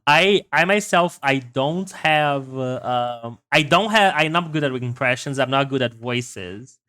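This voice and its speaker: A man's voice: mid-range voice, expressive, a little slow, pushed and bright, no echo. A man chatting casually as co-host on a livestream, laughing often, stumbling over his words and swearing offhandedly. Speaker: streamer and podcast co-host.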